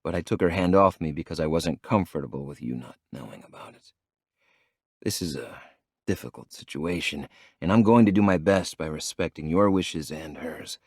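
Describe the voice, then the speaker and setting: A man narrating a romance novel in the first person, with a low, measured, intimate delivery. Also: husky, no room sound, studio quality. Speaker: audiobook narrator.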